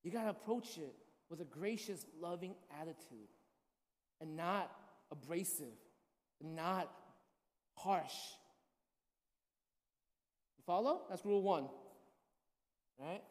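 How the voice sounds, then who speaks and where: A woman's voice: on the low side, lively intonation, slow pace, long pauses, a little mellow. A woman pastor giving a casual, storytelling sermon, often checking in with the congregation. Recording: long hall reverb.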